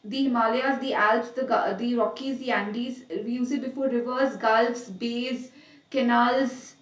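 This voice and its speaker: A woman teaching a live online grammar lesson. She explains each rule slowly, repeats examples and checks on students by name. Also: a little high, steady tone, echoey room, distant mic, muffled recording.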